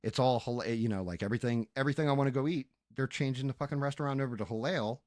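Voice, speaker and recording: A man's voice: medium pitch, fast, a little mellow, no room sound, studio quality. A man streaming on a headset mic, telling a story in a casual, profane, exasperated rant. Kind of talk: casual ranting stream chat.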